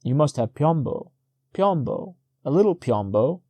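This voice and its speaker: A man putting on a boastful old fisherman, raising his voice into an eager, pushy chatter. The tone stays warm and mellow, recorded close and dry in an audiobook reading. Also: a little high, sing-song, no echo. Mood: excited. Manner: rapid, eager, insistent.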